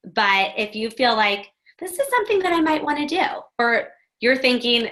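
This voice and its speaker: A woman hosting a coaching presentation, closing with an encouraging, persuasive pitch to her listeners. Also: sing-song, moderate pace, few pauses, a bit bright.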